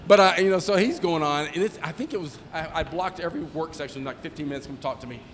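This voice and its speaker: A middle-aged man with a fairly high voice tells joking stories at a retirement ceremony, playing every part of the dialogue himself. His voice carries a long hall reverb with a faint hum of ambient noise behind it. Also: fast. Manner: joking storyteller who acts out dialogue. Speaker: former squadron commander giving a tribute. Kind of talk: anecdotal retirement ceremony speech.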